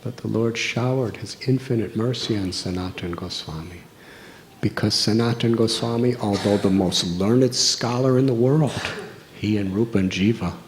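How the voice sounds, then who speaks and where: A man's voice: on the low side, slight background noise. A man, giving a sermon as a monk in an earnest, storytelling way. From United States. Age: 60s. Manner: slow, earnest storytelling with long pauses. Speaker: monk giving a religious discourse.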